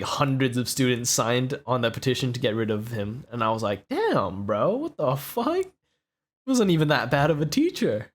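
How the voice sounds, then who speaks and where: A man's voice: mid-range voice, a bit bright. A young man hosting a podcast, telling a story in a casual, rambling way, full of filler words and swearing. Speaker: podcast host.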